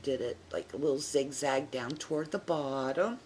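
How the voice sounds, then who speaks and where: A woman's voice: very deep voice, normal speed, darkish tone, slight background noise. A middle-aged woman chatting casually as she shows her scrapbook pages, rambling and poking fun at herself. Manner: chatty, self-deprecating, rambling asides. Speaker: scrapbooking vlogger. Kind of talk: casual show-and-tell chat.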